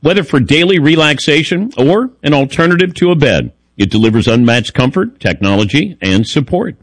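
Wry, lively male radio host. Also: on the high side, fairly quick, no echo. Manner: wry, teasing, lively delivery. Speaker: radio sports show host. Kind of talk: casual radio talk and read ad.

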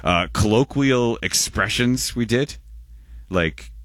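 A man's voice: mid-range voice, lively intonation, takes it slowly, fairly bright tone, no echo, studio quality. A man in his forties, hosting a radio show in casual, rambling chat and often correcting himself.

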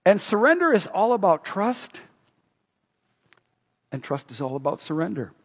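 A man preaching a sermon in an energetic, emphatic way, moving between loud stresses and quiet asides. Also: high-pitched, moderate pace, breathy edge. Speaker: pastor. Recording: dull, echoing hall sound.

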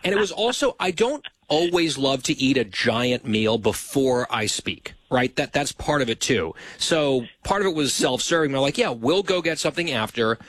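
A man hosts a radio show and needles his producer with dry, deadpan jokes. His voice sits at an ordinary pitch and is recorded close, with no room around it. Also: moderate pace, few pauses, no echo. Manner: dry teasing. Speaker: radio host. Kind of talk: casual banter with producer.

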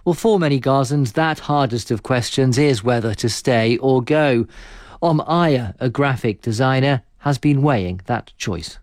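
A man narrating a scripted news report in a measured, even way. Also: medium pitch, no room sound, clean studio sound.

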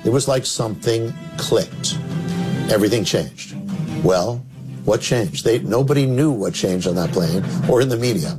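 Dramatic male preacher telling a story. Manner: dramatic storyteller, sudden drops to low emphatic tones. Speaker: minister. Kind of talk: storytelling sermon. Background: music.

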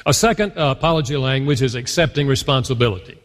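A man's voice: medium pitch, quick pace. A man giving an earnest teaching talk to a conference audience. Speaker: guest speaker. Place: large conference hall. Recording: long hall reverb from a live conference.

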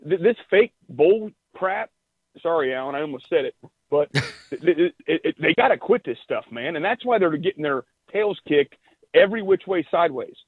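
A man's voice: a little high, lively intonation, moderate pace, slightly rough, no room sound. Guy on a tinny phone line, blunt and fed up, dry sound. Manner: blunt, exasperated ranting. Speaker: regular guest commentator. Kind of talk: political talk radio chat.

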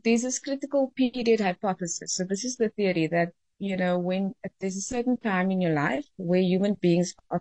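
A woman explains language learning as a guest on a radio show. Her voice sits low, and the sound is dry and close. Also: darkish tone, dry recording. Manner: explanatory, chatty, laughs easily. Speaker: linguistics expert guest. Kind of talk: radio interview.

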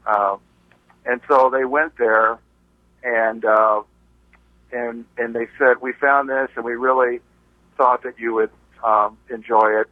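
A man's voice: medium pitch, steady tone, slow, pauses often, no echo. Hesitant male caller on a phone line. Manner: hesitant, stammering. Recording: dull dry phone line.

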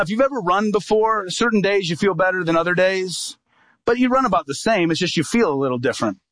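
A man's voice: fairly high pitch, a bit bright, no room sound. A middle-aged man, an evangelist, telling a personal story in a sermon and acting out the voices of the people in it.

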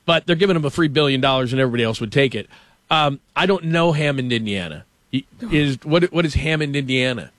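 A man hosting a casual sports talk show, ranting with animated stammers about a team's stadium. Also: mid-range voice, fast talker, dry recording. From Los Angeles. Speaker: show host.

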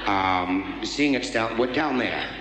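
A man's voice: lowish voice, slow pace, background noise. A man voicing a fussy female head nurse who coos "darling" at her patient and stammers when she gets embarrassed. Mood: coy. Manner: sweet-talking, flustered, stammering. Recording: roomy reverberant recording.

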